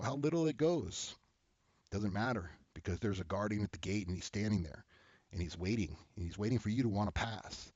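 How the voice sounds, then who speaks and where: A man's voice: fairly low pitch, darkish tone, slightly rough, no room sound, dull audio. A man hosting an advice show who talks bluntly and heatedly, and keeps checking in with "okay?". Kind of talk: casual advice talk to camera.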